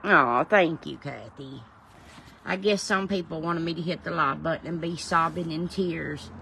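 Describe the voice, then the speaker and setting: A woman's voice: deep voice, a little slow, gravelly, noisy background. A woman chatting casually on a livestream, answering viewers by name in a folksy way. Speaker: livestream host. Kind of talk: casual livestream chat, reading viewer comments.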